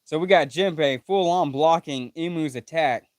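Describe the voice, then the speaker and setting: A man's voice: on the high side, normal speed, no echo. A man live-streaming his reaction to a manga chapter, reading panels aloud, correcting himself and swearing casually.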